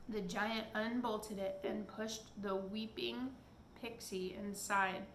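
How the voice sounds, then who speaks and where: Femme qui lit un conte, pièce qui résonne. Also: female voice, medium pitch, steady tone, takes it slowly, a bit bright, a little hiss or hum. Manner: casual, stops to chat with someone nearby. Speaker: reader. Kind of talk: reading a children's story aloud. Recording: echoey room with faint background.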